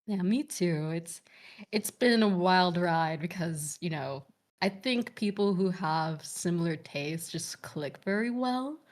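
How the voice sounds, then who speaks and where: A woman's voice: on the low side, slow pace. A woman in her thirties, a guest streamer in casual chat, talking in a chatty way with many fillers and frequent laughs. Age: 30s.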